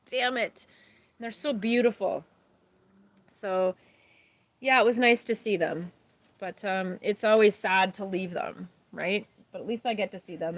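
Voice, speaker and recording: A woman, chatting casually as a homesteading host on a livestream, rambling and warm-hearted. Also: mid-range voice. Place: outdoors at night by a grill.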